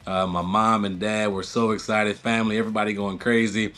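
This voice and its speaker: A man in his thirties, a former player, telling an animated story in an interview and acting out quotes with laughs. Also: fairly low pitch, brisk.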